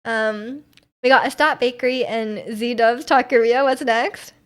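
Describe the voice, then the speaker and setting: A woman's voice: fairly high pitch, fairly even intonation, a little slow, fairly bright tone, clear, resonant tone. A young adult woman hosting a livestream, chatting casually and reading out viewer messages, giggling often between filler words. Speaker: livestream host.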